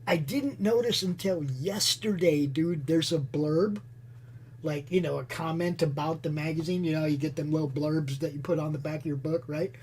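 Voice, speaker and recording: A man on a casual movie podcast, telling a quick anecdote with frequent laughter. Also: on the high side, a little mellow, a little hiss or hum. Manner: giggly anecdote teller. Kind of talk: casual chat.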